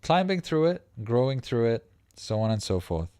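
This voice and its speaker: A man hosting a casual livestream as a life coach, talking in a profane, animated way that breaks into laughs mid-sentence. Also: medium pitch, normal speed, clear, resonant tone, no echo, clean studio sound.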